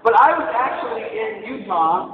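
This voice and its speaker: A male stand-up comedian doing a set on stage, telling animated stories and breaking into silly voices. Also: high-pitched, moderate pace. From Hawaii, raised in Minnesota. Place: stage in a large hall before a live audience. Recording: distant, phone-like echoey hall recording with loud noise.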